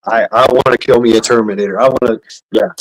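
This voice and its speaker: Male panelist, mid pitch, jumpy heckling energy, dry room. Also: no room sound, low-quality recording. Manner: excitable, quick to laugh and heckle. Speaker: podcast panelist. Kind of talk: casual panel chat.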